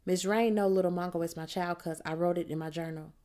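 Lower-voiced woman reading an audiobook. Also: steady tone, mellow. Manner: plain, measured storytelling in the voice of a teenage girl. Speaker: audiobook narrator. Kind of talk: first-person audiobook narration.

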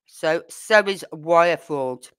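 Speaking slowly in a low, clean voice, this Birmingham woman with a Brummie accent runs a true crime channel. Her casual livestream chat is blunt and indignant, aimed directly at her viewers.

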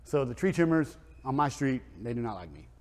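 A man's voice: medium pitch, very animated, brisk, long reverb tail. A man who owns a car wrap and tint shop, telling a story in a casual vlog, rambling and full of fillers. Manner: rambling, filler-heavy chatty delivery.

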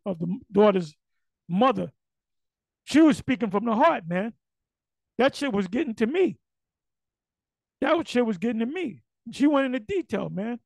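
Brief: middle-aged man, high gravelly voice going hoarse, blunt profane monologue, dry sound. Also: a little mellow, dry recording, low-quality recording. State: losing his voice. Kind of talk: casual monologue.

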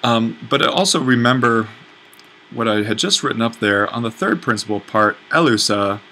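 A man's voice: mid-range voice, animated, normal speed, sharp tone, slight background noise, low-quality recording. A man teaching a language lesson at a whiteboard, explaining patiently and correcting himself as he writes. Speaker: Greek instructor.

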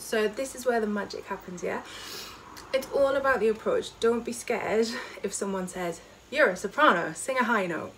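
A woman choir leader, teaching an online vocal warm-up from home and demonstrating high sung notes. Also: slight background noise. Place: home during lockdown.

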